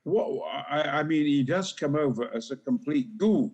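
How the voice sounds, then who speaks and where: A man in his eighties with a Yorkshire accent, telling bawdy anecdotes in a booming, dramatic, theatrical style as a talk show guest. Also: expressive, moderate pace, a little mellow, highs cut off. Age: 80s. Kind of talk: theatrical storytelling.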